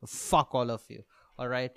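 Young male comic, solo podcast monologue, profane and self-mocking, bursts of shouting, clean dry mic. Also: mid-range voice, fairly even intonation, moderate pace, gravelly, clear, resonant tone, no room sound. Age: 20s. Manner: profane ranting, laughs at own jokes, sudden loud outbursts. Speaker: podcast host, stand-up comedian.

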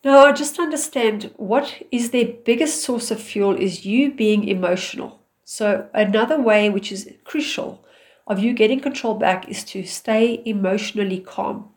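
Female advice speaker, mid-pitched, calm and firm, instructive delivery. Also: unhurried. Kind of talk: direct advice talk.

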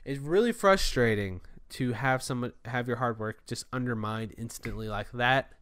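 A man's voice: mid-range voice, moderate pace, fairly bright tone, dry recording. A man who runs a store department, telling a rambling, frustrated story to his viewers in a casual rant. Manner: frustrated, venting.

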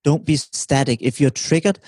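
A man giving a calm, teacherly explanation as a guest in an interview, often checking in with his listener. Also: a little high, normal speed, dry recording. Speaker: relationship expert guest.

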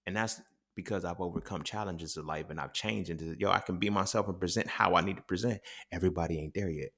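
Blunt, profane man with a low voice. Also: fast, fairly bright tone, husky. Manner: blunt, profane, preachy and emphatic. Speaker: podcast host. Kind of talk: solo impromptu podcast monologue.

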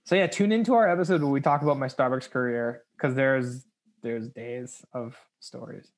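A young man co-hosting a podcast, telling a work story in casual chat, animated and laughing, acting out the voices of the people in it. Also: mid-range voice, normal speed. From United States. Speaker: podcast co-host.

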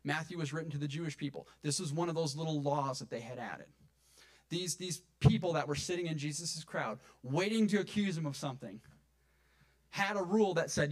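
A man preaching a sermon to his church, animated, acting out the people he quotes and swinging between loud emphatic lines and hushed ones. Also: on the high side, fairly quick, no room sound. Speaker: pastor.

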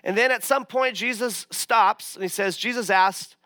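A man's voice: sits high, moderate pace, pushed and bright, no echo. A man, a pastor, preaching a sermon in a conversational, self-mocking way. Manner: conversational, self-mocking, many fillers and restarts.

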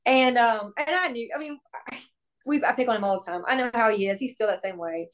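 Young woman, country singer guest, fairly high voice, animated and exclamatory, casual storytelling. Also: brisk. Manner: animated, exclamatory, acts out quoted dialogue.

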